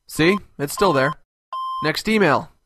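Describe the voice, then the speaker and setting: A man's voice: a little high, a little slow, noisy background, lightly acted. A man voicing a crude, abrasive cartoon host who answers fan mail with contempt and constant swearing. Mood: contemptuous. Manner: foul-mouthed, contemptuous, ranting. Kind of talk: animated web comedy sketch.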